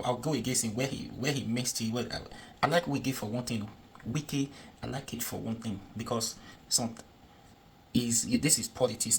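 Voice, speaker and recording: A man's voice: medium pitch, fairly bright tone, a little hiss or hum. A Nigerian man giving casual political commentary on a video, chatty and repetitive, often checking that the viewer understands.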